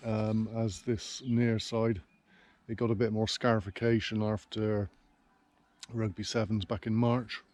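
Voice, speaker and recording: A man's voice: mid-range voice, warm tone. A man working as a groundsman, giving dry, offhand vlog commentary while he mows, muttering to himself and swearing casually. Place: outdoors on a sports ground and in a tractor cab.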